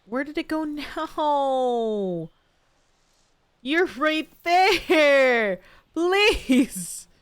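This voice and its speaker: A woman's voice: sits high, animated, very slow, pauses often. A woman streaming a video game live, chatting to her viewers and playfully whining and pleading at the game with frequent laughs. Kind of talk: live gameplay stream commentary.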